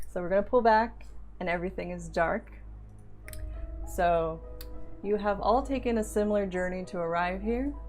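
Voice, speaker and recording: Steady monotone woman narrating as game master. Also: on the low side.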